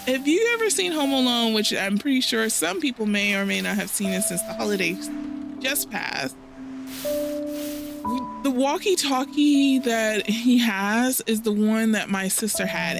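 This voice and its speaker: A woman hosting a cozy gaming channel, chatting in a rambling, casual way with frequent laughs and a fairly high voice. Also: creaky. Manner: rambling, laughs often, self-interrupting. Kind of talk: casual chatty let's play commentary. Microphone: home desk microphone. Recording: game music behind the voice.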